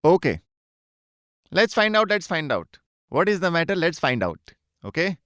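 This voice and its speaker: A man leads a live online lesson in a high, bright voice that swings widely in pitch. His tone is smooth and clear, recorded close and dry in a studio. He chats freely and keeps checking in with his students. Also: very animated, normal speed, no echo. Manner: chatty, repeats greetings and checks often. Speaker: teacher.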